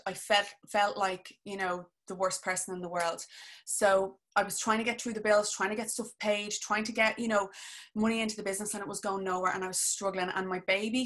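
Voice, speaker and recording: A woman's voice: medium pitch, a bit bright. A woman in her thirties with an Irish accent, a business coach telling a candid personal story to camera and often calling her viewers "guys". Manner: heartfelt, keeps addressing viewers as guys.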